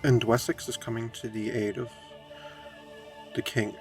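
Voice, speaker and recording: A man's voice: medium pitch, level tone, a little slow, pauses often, a little mellow, faint music behind. A man commenting on a strategy game playthrough, speaking wryly in character as his medieval ruler and reading event text aloud. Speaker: game streamer.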